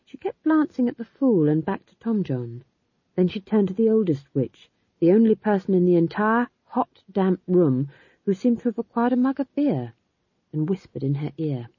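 A woman narrating an audiobook in an expressive, wry reading style. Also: medium pitch, moderate pace, breathy edge, dry recording. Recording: slightly dull lo-fi recording.

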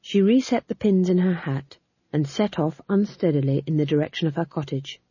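A woman narrating an audiobook in a lively, expressive storytelling manner. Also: low voice, moderate pace, husky, no echo, highs cut off. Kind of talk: scripted narration.

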